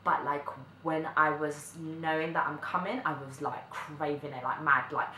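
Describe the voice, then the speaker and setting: A young woman, telling a story to camera in a chatty way, full of filler likes and quick laughs. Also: sits low, fairly even intonation, pushed and bright. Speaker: vlogger. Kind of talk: casual storytime chat. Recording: echoey room, faint background noise.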